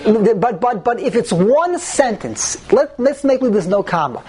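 A woman's voice: a little high, sing-song, measured pace, mellow, husky, poor audio. A woman teaching a religious text class, explaining step by step and asking herself rhetorical questions.

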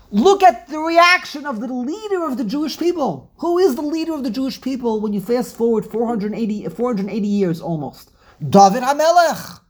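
A woman leads an animated Torah class with a husky, slightly breathy tone. She speaks emphatically and dramatically, posing rhetorical questions and often restarting her sentences. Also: fairly high pitch. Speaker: Torah teacher.

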